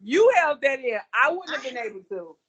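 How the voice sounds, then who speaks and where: A woman with a high voice that leaps up and down as she talks. She is a guest in a casual chat with an old friend, teasing her and laughing easily. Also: sing-song, moderate pace, a bit bright, slightly rough. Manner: laughs a lot, teasing reactions.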